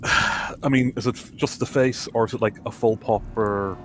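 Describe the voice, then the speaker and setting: A man's voice: lowish voice, fairly even intonation, normal speed, fairly bright tone, slight background noise. A man playing his character in a tabletop game, musing and trailing off. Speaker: player.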